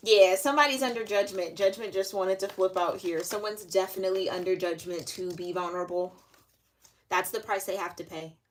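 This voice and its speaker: A woman's voice: mid-range voice, steady tone, brisk, slight background noise. A young woman giving a casual, rambling tarot reading, talking loosely with lots of fillers. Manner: chatty, filler-heavy, loose and conversational. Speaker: tarot reader.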